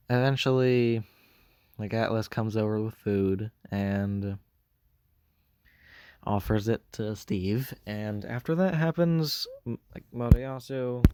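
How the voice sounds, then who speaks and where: Man, unhurried, dry close sound, rambling retelling with lots of "um" and restarts. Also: fairly low pitch, a little mellow, clear, resonant tone, no echo. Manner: hesitant, many fillers and self-corrections. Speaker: fan storyteller.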